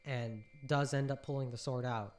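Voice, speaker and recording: Excited man retelling an anime plot. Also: mid-range voice, normal speed. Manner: excited storyteller, acts out character lines in a raised voice. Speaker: podcast co-host. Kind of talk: casual recap of an anime film.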